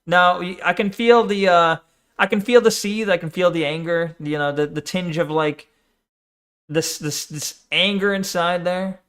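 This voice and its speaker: A man with a high voice talks casually over a video he is watching. He rambles, mocks and mimics what he hears with a sarcastic edge. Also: steady tone, a little slow, a bit bright, clear, resonant tone. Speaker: streamer reacting to a debate video. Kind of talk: casual reaction commentary.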